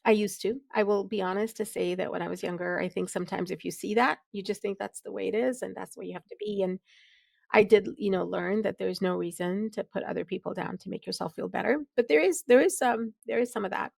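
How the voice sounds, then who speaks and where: A woman's voice: medium pitch, quick pace, creaky, darkish tone, dry recording. A middle-aged woman with a Midwestern American accent, speaking candidly and reflectively as an interview guest, laughing easily and restarting her sentences. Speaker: podcast guest, physician leader. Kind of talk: conversational interview.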